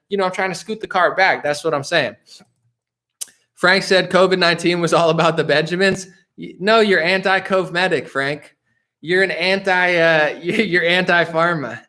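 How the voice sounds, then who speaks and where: With a high, sharp voice, this man runs a casual political live stream where he reads out viewer comments. His answers ramble, with frequent restarts and dismissive remarks on the side.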